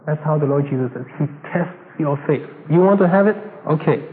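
A high-voiced man preaches a sermon, animated and full of rhetorical questions and acted-out dialogue. The sound is thin and phone-like, with long reverb from a hall and a faint hiss. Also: a little slow. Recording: tinny echoey hall recording, faint hiss.

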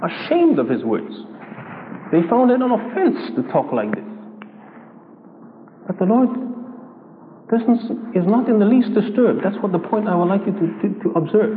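A man with a high voice preaches slowly and deliberately, repeating his key phrases. The recording sounds thin like a phone line, with a long hall reverb and faint room noise behind him. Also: sing-song. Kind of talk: sermon.

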